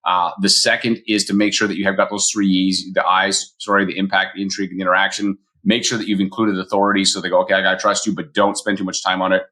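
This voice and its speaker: Fast-talking low-voiced man coaching. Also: level tone, pushed and bright. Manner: fast, casual, acts out quick quoted voices. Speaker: mortgage broker and podcast host. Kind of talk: solo podcast coaching talk.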